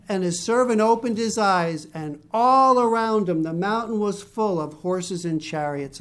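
A preacher giving a Bible-teaching sermon in a conversational way with joking asides, reading scripture slowly. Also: medium pitch, clear, resonant tone.

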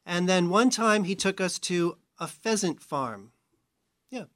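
Chatty man preaching with a higher voice. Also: expressive, a little slow, a bit bright, no echo. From New York. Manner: chatty, self-mocking asides. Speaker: Bible teacher. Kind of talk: conversational sermon.

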